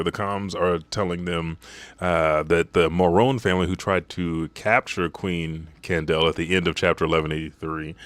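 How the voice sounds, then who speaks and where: A man's voice: sits low, a bit bright, dry recording. A man casually recapping and reacting to a manga chapter, with profane, rambling asides. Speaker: manga summary youtuber. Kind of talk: casual live reaction summary.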